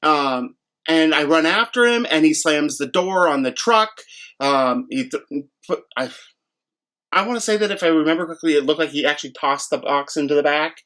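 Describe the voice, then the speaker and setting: A man casually retelling a frustrating delivery, animated and full of restarts. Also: on the high side, moderate pace. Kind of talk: casual storytelling.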